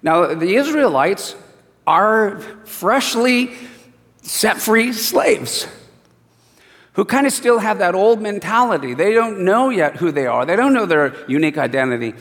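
A man preaching a sermon and reading scripture, an animated storyteller who acts out the voices. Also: high-pitched, unhurried, long reverb tail.

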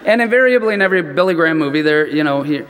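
A man preaching a sermon as a chatty personal story, animated and full of "you know" asides. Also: a little high, racing. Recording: long reverb in a large hall.

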